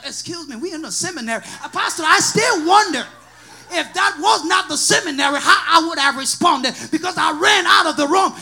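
A man from Africa with an African accent, preaching a sermon with a personal testimony in a sing-song, shouting style. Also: extremely high pitch, vocal fry. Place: church.

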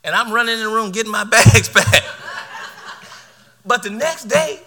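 A man's voice: high-pitched, animated, moderate pace, a crowd in the background. A middle-aged man preaching a sermon, telling a personal story with laughter and repeated words.

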